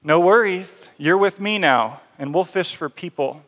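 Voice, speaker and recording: A man preaching voices a calm, assured adult male teacher with an easygoing, understated manner. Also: high-pitched, measured pace. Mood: reassuring. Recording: reverberant hall.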